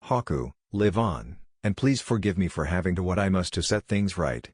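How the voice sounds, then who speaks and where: A man voicing a hardened adult rogue swordsman, gruff and resigned in manner. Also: sits low, lively intonation, moderate pace, a little mellow, dry recording. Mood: mournful.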